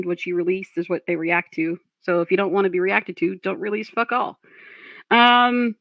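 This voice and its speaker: A woman's voice: mid-range voice, fairly bright tone, dry recording. Sarcastic woman scolding on stream. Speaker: reaction streamer. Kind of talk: reaction commentary stream.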